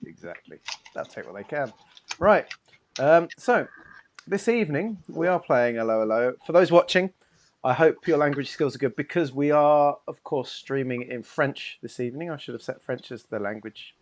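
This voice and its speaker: A man's voice: mid-range voice, animated, normal speed, dull audio. A man hosting and running a tabletop game stream, joking and slipping into mock French phrases. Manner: playful, jokey, slips into a mock French accent. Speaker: game master.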